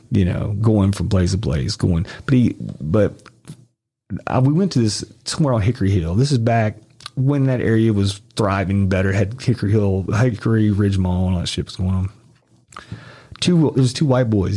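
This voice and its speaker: Gravelly, mellow and husky, a middle-aged man from Arkansas chats as a podcast guest. His stories ramble and are full of profanity, and he performs other people's lines in a high-pitched voice.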